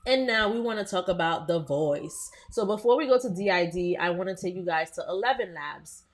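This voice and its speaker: A woman hosting a live software tutorial, talking casually to her viewers with frequent "um" and "like" as she works. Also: lowish voice, expressive, a little fast. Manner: chatty, addresses viewers as "you guys", frequent "um" and "like". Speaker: host.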